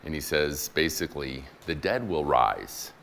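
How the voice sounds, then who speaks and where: Deep-voiced chaplain guy preaching, super casual, slangy, acts out the bible folks. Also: animated, unhurried, creaky, a bit bright, a little hiss or hum. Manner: casual, playful retelling of scripture with slang; acts out quoted voices in conversational paraphrase. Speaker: guest preacher, military chaplain. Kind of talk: sermon.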